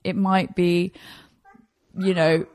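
A woman's voice: fairly low pitch, little pitch movement, takes it slowly, darkish tone, no echo. A British woman chatting casually as a podcast guest, rambling and self-deprecating, with frequent laughs. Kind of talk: casual chat.

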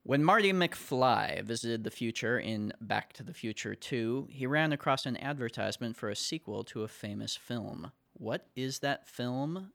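A man's voice: medium pitch, animated, unhurried, vocal fry, hardly any pauses, a bit bright, no echo, clean studio sound. An American man reading quiz questions on a comedy panel show, playful and mock-serious. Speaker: guest quiz reader.

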